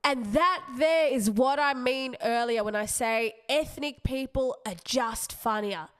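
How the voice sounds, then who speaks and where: A young woman, a comedian hosting her podcast, telling a story in a rambling, animated way with self-aware asides. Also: sits high, a little slow, clean tone. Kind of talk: casual comic storytelling.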